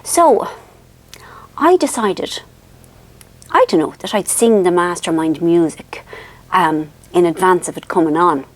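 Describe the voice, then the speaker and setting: A woman's voice: lowish voice, lively intonation, a little slow, pauses often. A woman in her fifties with an Irish accent, telling a rambling, self-mocking family story for her vlog, full of ums. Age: 50s. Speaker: author and vlogger.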